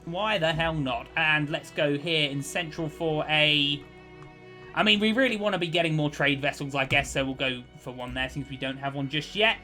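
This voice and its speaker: A man's voice: fairly high pitch, fairly even intonation, normal speed, pushed and bright, soft background music. A man giving cheerful, chatty commentary over his own strategy gameplay, thinking aloud as he plays. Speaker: let's play host.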